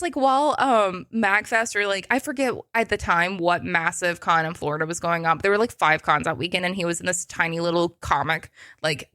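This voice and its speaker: Animated woman telling a con story. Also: lowish voice, dry recording, clean studio sound. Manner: animated, laughing, lots of filler words. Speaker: podcast guest. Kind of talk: casual chat, storytelling.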